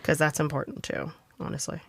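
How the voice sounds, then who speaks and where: A woman's voice: deep voice, flat delivery, fairly quick, gravelly, breathy edge, no room sound, studio quality. A woman co-hosting a podcast in casual chat, talking candidly and freely with swearing and laughter. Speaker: podcast co-host.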